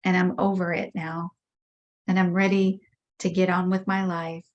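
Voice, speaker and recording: A woman leading a tapping session, speaking slow repeated affirmations about her frustration. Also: on the low side, flat delivery, highs cut off. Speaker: EFT tapping practitioner. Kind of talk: guided tapping script, slow repeated phrases.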